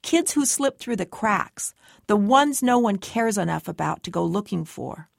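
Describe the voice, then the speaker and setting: A woman voicing a steady, patient man who poses as a store guard and tries to persuade a girl to come with him. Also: medium pitch, a little slow, gravelly, no echo, studio quality, full character voice. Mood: urgent. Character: calm mysterious man posing as a store guard.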